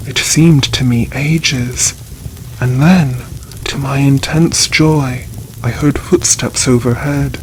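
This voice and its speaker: A man narrating a gothic horror story for sleep audio in a measured, even reading. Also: mid-range voice, a little hiss or hum, low-quality recording.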